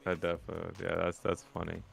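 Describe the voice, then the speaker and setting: Deep, gravelly-voiced man chatting. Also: monotone, fast talker, faint music behind. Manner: laughs easily, easygoing banter. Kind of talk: casual chat on a game stream.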